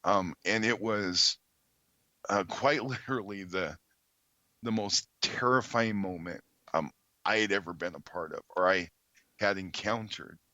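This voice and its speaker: A man, a podcast guest, earnestly telling a story in conversation, halting with many ums and restarts. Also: low-pitched, bright, forceful tone, no echo, muffled recording.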